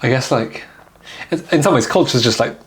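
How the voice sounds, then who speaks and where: A man from China, a podcast guest, talking in a relaxed, casual way with lots of "yeah" and "like". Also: medium pitch, normal speed. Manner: relaxed, peppered with repeated yeahs and likes. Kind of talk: casual conversation.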